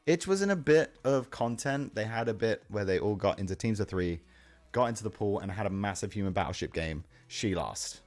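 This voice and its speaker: A man's voice: fairly low pitch, expressive, fairly quick. A young man streaming live, chatting casually with his chat, answering questions and swearing offhand. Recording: faint music in the background. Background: faint music.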